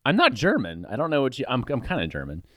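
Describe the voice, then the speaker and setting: Playful podcast co-host with a wildly swooping voice. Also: male voice, huge pitch swings, fast talker, sharp tone, no room sound, studio quality. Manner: playful, swoops up into high squeaks. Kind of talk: casual podcast chat.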